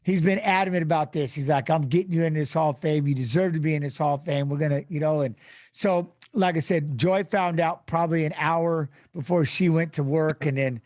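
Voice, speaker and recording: Male interview guest: animated, emotional storyteller who voices other people's lines; a bit high-pitched, recorded dry. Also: a little fast, no echo. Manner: animated, acts out quoted voices, swears casually.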